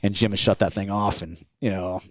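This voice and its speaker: A low-pitched man spins a casual story about a helicopter rescue. He is animated and laughs often, putting on the voices of the people in it. His voice sounds dry and close. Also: brisk, no echo. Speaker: award-winning helicopter pilot guest. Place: convention floor.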